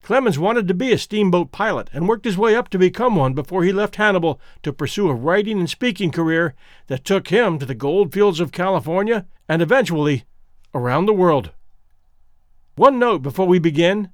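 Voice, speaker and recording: A man with a Midwestern accent hosting a story podcast, giving a measured, explanatory introduction and reading aloud. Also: high voice, expressive, no room sound, clean studio sound. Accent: Midwestern American. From American Midwest. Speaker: podcast host and reader.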